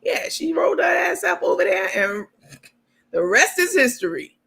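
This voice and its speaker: A woman's voice: medium pitch, very animated, moderate pace, vocal fry, noisy background. Sassy woman hosting a live stream. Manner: sassy, joking, talks straight to viewers. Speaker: livestream host. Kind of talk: casual live-stream commentary.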